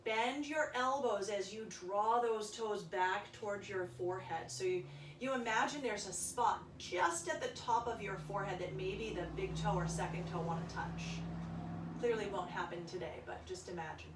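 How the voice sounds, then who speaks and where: A woman guides a yoga session in a calm, soft-spoken way, cueing each breath and stretch. Her voice sits at an ordinary middle pitch. The sound is roomy and echoing, picked up from some distance with faint background hiss. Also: normal speed. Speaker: yoga instructor. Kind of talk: guided yoga class instruction. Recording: echoey room, voice from a distance.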